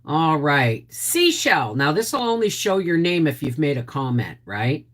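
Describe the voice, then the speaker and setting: A woman's voice: sits low, very animated, measured pace. An older woman hosting a casual livestream, chatting and greeting viewers by name. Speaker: homestead channel host.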